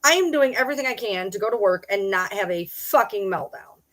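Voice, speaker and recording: A woman's voice: mid-range voice, animated, brisk, a little hiss or hum. A middle-aged woman hosting a livestream, ranting in an agitated way, swearing and repeating herself. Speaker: livestream host. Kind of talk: livestream rant.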